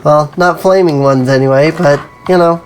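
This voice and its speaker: A let's play host thinks aloud through casual gameplay commentary, chatty and self-amused. The voice sits at an ordinary middle pitch and yelps at each mishap. Faint ambient hiss runs under the speech. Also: normal speed.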